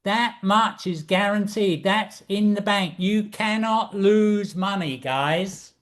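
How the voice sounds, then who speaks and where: A middle-aged man with a high voice gives a trading lesson over a chart screen. He talks slowly and deliberately, with a showman's excitement, repeating phrases again and again. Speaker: trading instructor. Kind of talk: screen-share trading walkthrough.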